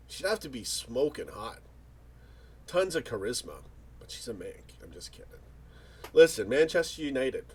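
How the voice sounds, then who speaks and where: A man with a husky, mid-range voice hosts a casual livestream, reading out viewer comments. He rambles and jokes as he chats, often restarting his sentences.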